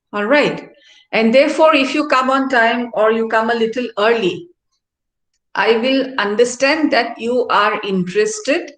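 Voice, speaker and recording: A woman's voice: a little high, a bit bright. A middle-aged woman, a professor giving a classroom lecture and often checking in with "all right?". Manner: explanatory, asks tag questions like "no?" and "all right?". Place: university activity centre hall. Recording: roomy hall echo.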